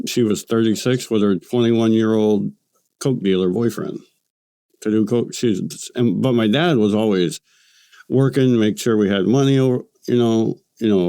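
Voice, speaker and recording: A man in his late forties, a podcast guest, speaking in a halting, matter-of-fact, self-deprecating way. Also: fairly low pitch, mellow, no room sound. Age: late 40s. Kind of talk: casual podcast chat.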